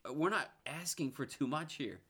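Bright-voiced male sports co-host. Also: a little high, moderate pace, breathy edge. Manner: earnest, stat-driven, swings to passionate outbursts. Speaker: co-host of a sports talk show. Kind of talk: casual sports banter.

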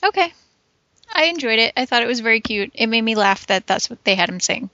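A woman's voice: fairly high pitch, animated, brisk, sharp tone, no room sound. A woman co-hosting a casual chat, chatty and agreeable. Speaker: podcast co-host. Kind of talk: casual chat reviewing TV episodes. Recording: dry, dull lo-fi podcast recording.

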